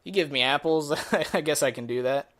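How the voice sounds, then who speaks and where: A man's voice: on the high side, normal speed, fairly bright tone, close to an everyday voice. A man voicing a lazy male death god who humors his partner in an offhand, shrugging way.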